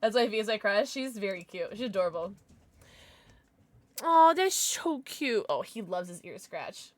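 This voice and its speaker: A woman's voice: mid-range voice, animated, normal speed. A woman streaming live, chatting casually with viewers and cooing over her pets. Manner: bubbly, coos over her pets, laughs often. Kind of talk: casual livestream chat.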